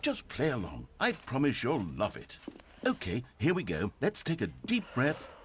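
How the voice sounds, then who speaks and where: A man's voice: mid-range voice, huge pitch swings, moderate pace, very noisy. A man voicing a wry adult male video game narrator who talks in a dry, mock-sincere, teasing way.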